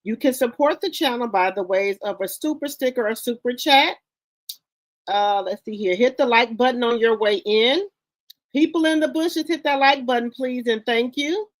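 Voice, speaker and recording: A woman's voice: fairly high pitch, moderate pace, no room sound. A woman hosting a casual livestream, greeting viewers one by one with repeated hellos in an informal, chatty way. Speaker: livestream host.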